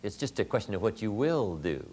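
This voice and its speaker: A man's voice: on the low side, very animated, brisk, a little mellow, slight background noise. A man giving a motivational seminar talk, telling stories with emphatic, punchy repeated lines. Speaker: motivational speaker.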